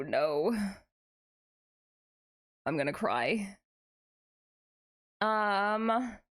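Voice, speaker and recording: A young adult woman streaming live, chatting casually with her viewers in a playful, dramatic way. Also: mid-range voice. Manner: animated, playful, dramatic exclamations.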